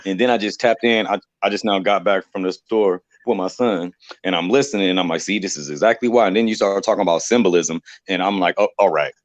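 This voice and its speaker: A man on a live stream discussion, talking in an animated, profane way and laughing often. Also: deep voice, fast talker, no echo. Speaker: livestream panelist. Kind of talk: heated casual discussion. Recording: dry, dull lo-fi sound.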